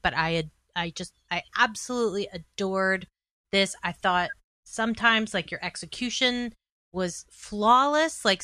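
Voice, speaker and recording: A woman's voice: medium pitch, bright, forceful tone, dry recording. A woman judging on a podcast, chatting in an effusive, enthusiastic way. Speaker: judge. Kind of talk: casual podcast chat.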